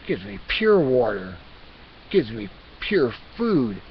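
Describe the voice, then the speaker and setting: Scolding male house cat as a man voices it, gravelly, raised and loud, dull lo-fi recording with hiss. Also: mid-range voice, slow. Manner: hectoring, conspiratorial, repeats demands to pay attention. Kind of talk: comic character rant.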